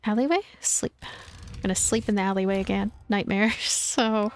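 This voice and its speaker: A woman's voice: medium pitch, steady tone, normal speed, soft background music. A woman streaming a story game, reading its text aloud with casual asides. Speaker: gaming streamer. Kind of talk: game playthrough with read-aloud narration.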